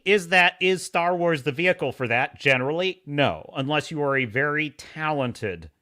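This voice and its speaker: A man hosting a live stream, talking in a sarcastic, animated way and reading chat messages aloud. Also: a little high. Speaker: podcast host.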